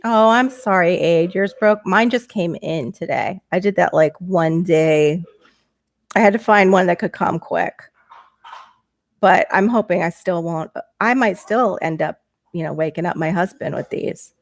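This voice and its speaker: A middle-aged woman hosting a casual livestream from home, reading chat aloud and chatting on a headset mic, laughing often as her voice jumps up when excited. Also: fairly low pitch, measured pace, no echo. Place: small home bedroom.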